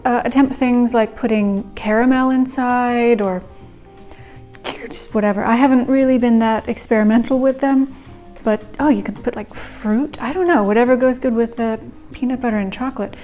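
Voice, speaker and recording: A woman's voice: fairly high pitch, darkish tone. A young woman chatting casually through a home cooking vlog, giggly and rambling with little asides. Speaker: home cook vlogger.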